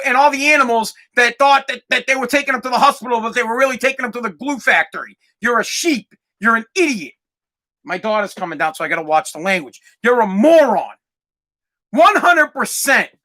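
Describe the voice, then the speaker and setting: A man hosting his own podcast, ranting crudely and excitably with lots of swearing. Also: very high voice. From United States. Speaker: podcast host. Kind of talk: profane ranting monologue.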